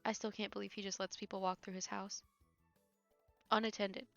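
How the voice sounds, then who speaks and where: Woman, game streamer, wry teasing commentary, frequent laughs, bright tone, muffled stream audio. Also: mid-range voice, level tone, moderate pace, creaky, soft background music. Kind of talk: casual let's-play commentary.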